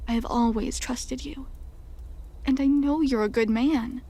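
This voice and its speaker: A woman voicing a nervous, out-of-breath man who speaks quietly and pleads for help, with a raspy edge. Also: high voice, steady tone, measured pace. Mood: pleading.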